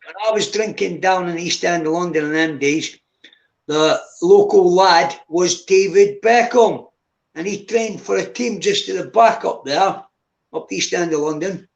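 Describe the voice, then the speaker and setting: Gravelly Scottish man in his fifties. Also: high-pitched, normal speed. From Scotland. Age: 50s. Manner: swears freely, calls listener mate. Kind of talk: casual chat on a live stream. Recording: echoey room.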